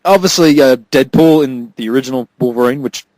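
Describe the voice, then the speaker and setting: A man's voice: medium pitch, brisk, darkish tone, no echo, poor audio. A man hosting a movie review podcast, chuckling and trading wry, profane remarks. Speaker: podcast host. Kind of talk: casual movie review chat.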